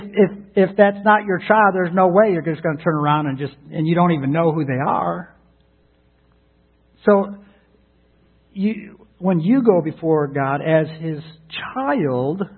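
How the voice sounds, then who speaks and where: Husky-voiced preacher on tinny radio. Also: male voice, a little high. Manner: earnest, repeats words when starting a thought. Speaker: pastor. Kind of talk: sermon. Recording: tinny narrowband radio broadcast.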